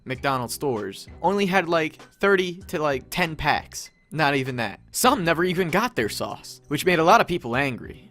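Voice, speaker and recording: A man's voice: medium pitch, lively intonation, moderate pace, a bit bright. A young man doing a sarcastic, profane ranting commentary, mocking fans in exaggerated voices. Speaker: commentary YouTuber.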